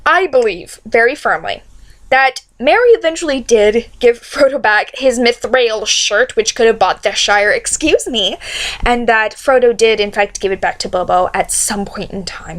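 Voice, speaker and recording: A woman vlogger delivering an excitable, rambling rant to her viewers. Her voice sits slightly high, and she keeps cutting herself off to fix names and details. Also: normal speed. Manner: rambling, excitable, self-interrupting. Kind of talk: casual fan rant to camera.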